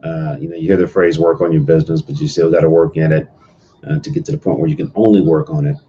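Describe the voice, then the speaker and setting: A man speaking as a guest on a remote call, talking quickly with many fillers. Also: very deep voice, steady tone. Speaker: guest author and business coach. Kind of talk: remote interview answer. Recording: dull lo-fi call audio, faint noise.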